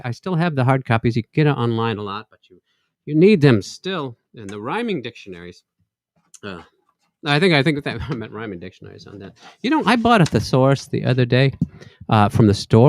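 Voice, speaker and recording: A man hosting a casual live stream, joking in puns and reciting comic rhyming verse. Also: mid-range voice. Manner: playful, punning, self-deprecating jokes. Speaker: livestream host.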